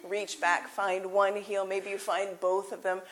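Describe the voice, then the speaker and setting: A woman yoga teacher giving calm, encouraging cues during a live class in a yoga studio. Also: medium pitch, unhurried, slight background noise.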